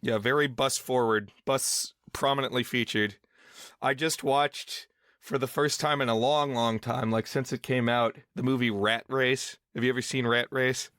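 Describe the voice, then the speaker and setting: A man co-hosts a film podcast, musing through his points with a few hesitant restarts. His voice is bright and crisp, and it is recorded close and dry with no room sound. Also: mid-range voice, fairly even intonation, normal speed, no echo. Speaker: podcast co-host. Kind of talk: casual film discussion.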